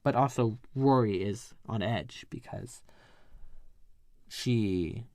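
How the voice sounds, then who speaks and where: A man's voice: lowish voice, slow, darkish tone, no echo, clean studio sound. A man hosting a casual recap podcast, talking in a rambling, chatty way that keeps drifting onto tangents. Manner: rambling and chatty, often sidetracking himself. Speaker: podcast host.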